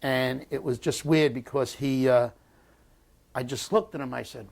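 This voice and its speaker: A man's voice: mid-range voice, creaky. An American man in his sixties, a war veteran recounting memories in an oral history interview. He talks bluntly, swears often, and stops and restarts his sentences. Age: 60s. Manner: halting and blunt, with frequent restarts and profanity.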